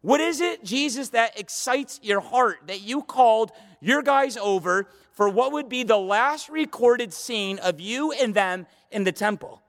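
A pastor preaches a midweek church sermon from the pulpit, his fairly high, fairly bright voice rising into emphatic, passionate runs before easing back into conversational asides. He's animated, speaks at a measured pace with few pauses, and the sound carries a long hall reverb.

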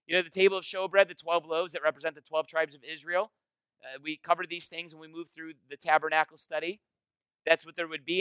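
A man leading a Bible study as pastor, in a casual, animated, conversational sermon style. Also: a little high, clear, resonant tone, no room sound, low-quality recording. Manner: animated, conversational, acts out quoted voices.

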